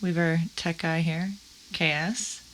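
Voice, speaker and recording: A woman co-hosts a casual podcast in a bright, crisp voice, firing off blunt, teasing remarks. A faint hiss sits under the recording. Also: on the low side, fairly even intonation, poor audio. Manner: teasing, blunt, quick with jokes. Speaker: podcast co-host. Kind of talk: casual chat.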